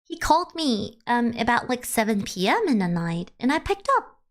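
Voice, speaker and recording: Chatty higher-voiced woman streamer. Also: moderate pace. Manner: rambling, animated, full of "like" and restarts. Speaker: VTuber streamer. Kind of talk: casual storytelling to a stream chat.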